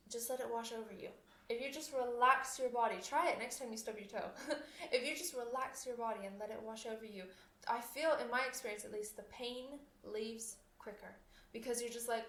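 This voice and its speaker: A woman's voice: fairly high pitch, normal speed, fairly bright tone. A young adult woman hosting a podcast, chatting casually with lots of fillers and restarts, often laughing. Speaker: podcast host and oboist. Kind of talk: casual solo podcast talk. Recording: echoey room.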